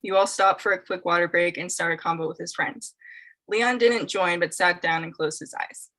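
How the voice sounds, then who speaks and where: Bright-voiced woman reading scenarios. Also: on the low side, steady tone, normal speed, poor audio. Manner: laughs often, stumbles over names. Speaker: host reading dating scenarios. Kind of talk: casual group chat, reading a scenario aloud.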